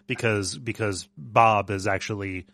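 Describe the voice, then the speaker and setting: A man's voice: on the low side, a little slow, gravelly, a bit bright, no echo. A man co-hosting a casual video game podcast, with a dry wit and a habit of correcting and teasing his co-host.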